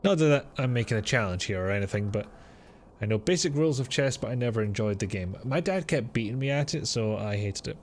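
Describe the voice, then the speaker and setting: Man, dry banter on a game stream, medium pitch, faint noise. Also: lively intonation, brisk. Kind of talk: casual chat.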